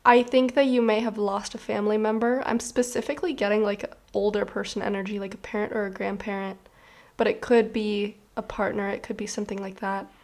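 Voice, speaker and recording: A woman's voice: medium pitch, steady tone, brisk, a little mellow. A woman reading tarot cards to camera in a casual, earnest, rambling way, with many "like" fillers. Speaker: tarot reader.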